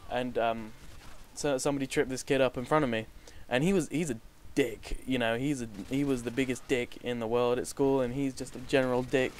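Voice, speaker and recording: A man's voice: medium pitch, a little hiss or hum. A young man vlogging, telling a personal story to camera in a rambling, casual way, swearing freely and often restarting his sentences. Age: young adult.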